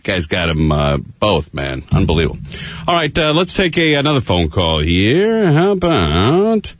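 A man's voice: deep voice, normal speed, no room sound. A man hosting a radio talk show, chatting loosely and laughing often. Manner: laughing, loose, animated banter.

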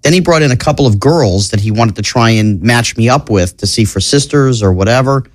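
A man's voice: mid-range voice, a little fast, no room sound, studio quality. A man from New York, a podcast guest, telling long stories in a chatty way. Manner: chatty, tells long anecdotes. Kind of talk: casual interview storytelling.

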